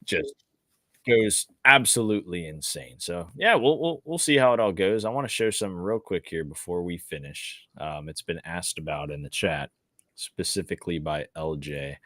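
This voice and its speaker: A man hosting a casual live talk show, relaxed and steering the segment. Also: low-pitched, moderate pace, dry recording, studio quality. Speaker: host. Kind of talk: casual podcast chat.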